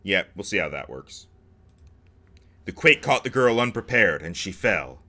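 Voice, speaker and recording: Bright-voiced man narrating a game. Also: sits low, sing-song, measured pace. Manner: joking asides between dramatic narration. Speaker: let's play host. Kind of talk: reading game text aloud with commentary.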